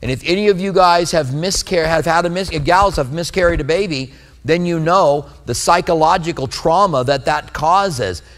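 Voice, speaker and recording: A man's voice: fairly high pitch, moderate pace. A man preaching a sermon as a pastor, reading scripture and explaining it in an earnest, conversational way.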